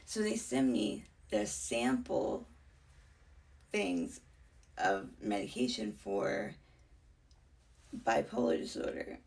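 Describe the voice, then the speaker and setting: A woman's voice: very deep voice, very animated, takes it slowly, vocal fry, pauses often, darkish tone, far from the mic. A young woman telling a personal story in a candid, chatty way, often dropping into a whisper. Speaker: vlogger. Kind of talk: casual storytelling.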